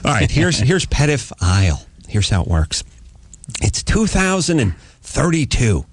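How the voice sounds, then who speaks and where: A man's voice: sing-song, unhurried, husky, no echo. A man hosting a comic talk radio show, riffing and joking with a guest. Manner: joking, riffing, mock high voice for quotes. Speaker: radio host.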